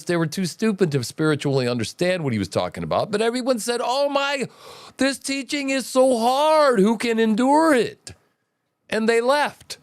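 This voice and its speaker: A man's voice: fairly high pitch, no room sound, clean studio sound. A man hosting his own livestream, giving blunt, profane political and religious commentary in a preachy rant, with mocking quotes of opponents. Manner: jumps between mocking quotes and lectures. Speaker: livestream show host.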